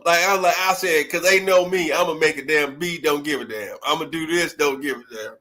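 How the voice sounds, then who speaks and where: A man in his forties from Detroit, co-hosting a casual reunion chat and telling animated school stories with lots of laughter. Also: a little high, normal speed. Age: 40s. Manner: animated storyteller, laughs often, acts out quotes. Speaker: co-host.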